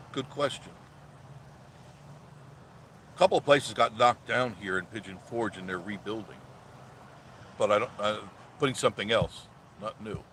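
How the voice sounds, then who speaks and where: A man hosting a casual live stream from a parked car, ranting loudly and sarcastically, then reading viewer comments. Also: lowish voice, a little hiss or hum. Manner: loud, ranting and sarcastic, mocking voices.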